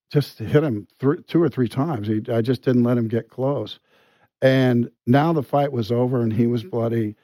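Brief: middle-aged male guest, mellow and halting, dry studio sound. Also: mid-range voice, dry recording. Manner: halting, full of restarts and quiet asides. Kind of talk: conversational storytelling.

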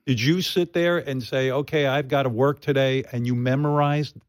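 A man's voice: mid-range voice, steady tone, moderate pace. A man hosting an interview, curious and chatty as he asks his questions. The recording is dry and close, with no room echo. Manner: curious, conversational. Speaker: interviewer host.

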